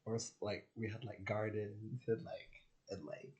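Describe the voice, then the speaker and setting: A man's voice: lowish voice, level tone, a little slow, a little mellow, lo-fi sound. A young man telling stories in a casual, rambling vlog monologue, packed with filler words and swearing, acting out the people he quotes. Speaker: vlogger.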